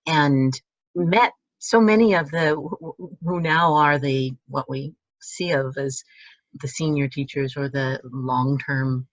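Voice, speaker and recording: A woman speaks as an interview guest, musing aloud in halting phrases that often trail off and restart. The sound is dull and dry, as if from a video call. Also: sits low, no echo. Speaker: guest, teacher. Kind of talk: casual conversational interview.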